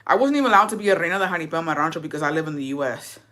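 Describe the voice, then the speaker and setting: A woman's voice: low voice, animated, racing, a bit bright. A young woman hosting a casual gossip chat, ranting with plenty of swearing and rhetorical questions. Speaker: host.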